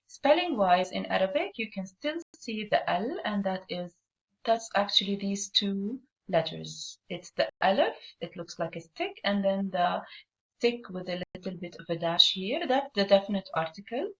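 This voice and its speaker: With lively intonation and a moderate pace, a medium-pitched woman teaches Arabic online, explaining each step of the lesson and putting questions to her learners. The recording is dull and lo-fi.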